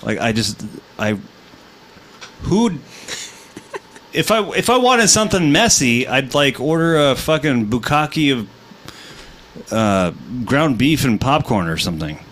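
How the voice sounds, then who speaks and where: Animated, bright-voiced man riffing crudely. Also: medium pitch, unhurried, long pauses, a little hiss or hum. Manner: profane, rambling, jokey. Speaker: podcast co-host. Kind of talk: crude casual live-show banter.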